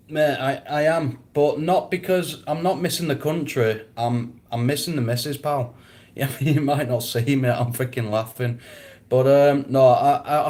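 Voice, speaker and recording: A man's voice: mid-range voice, darkish tone. A man chatting casually on a live stream, answering viewers, rambling and often breaking into laughter.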